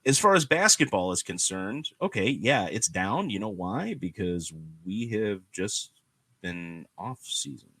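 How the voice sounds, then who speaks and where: A man hosting a podcast, talking in an animated, ranting way and leaning on "you know" and "guess what". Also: fairly low pitch, a little slow, slightly rough, no echo. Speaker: podcast host. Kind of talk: casual chat.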